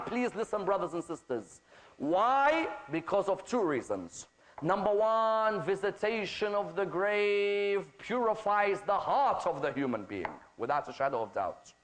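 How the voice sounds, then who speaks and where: A man's voice: high voice, a bit bright, poor audio. A man with a British accent giving a religious lecture, telling stories and acting out their dialogue, often asking the audience rhetorical questions. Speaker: Islamic lecturer.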